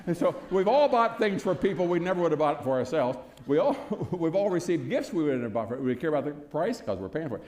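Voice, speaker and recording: A man's voice: a little high, big pitch swings, quick pace, few pauses, darkish tone. An older American man, a former congressman, giving a folksy speech to an audience, full of anecdotes, chuckles and punchy rhetorical questions. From United States. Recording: echoey hall.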